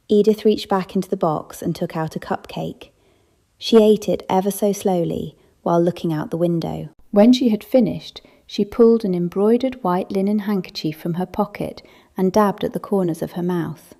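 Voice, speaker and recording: A woman narrating a first-person audiobook in a measured, wry storytelling manner. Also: medium pitch, creaky, dark tone.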